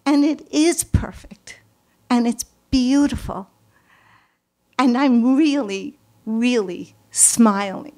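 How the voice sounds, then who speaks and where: Woman, New York accent, live storyteller, slow and deliberate, higher voice, dramatic repetitions. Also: dark tone. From Brooklyn, New York.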